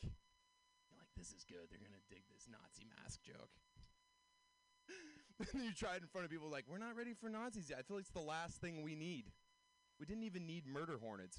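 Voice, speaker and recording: A young man doing a stand-up comedy set outdoors, animated, jumping into high squeaky voices for his bits. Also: low-quality recording.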